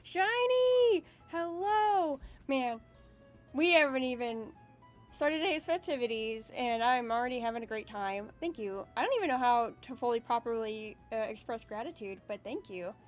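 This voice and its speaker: A woman streamer with a high, bright-pitched voice chats casually with her viewers on a live stream. She is excitable and emotional, swears freely, and sounds openly grateful. Quiet music plays faintly behind her. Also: normal speed. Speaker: VTuber streamer.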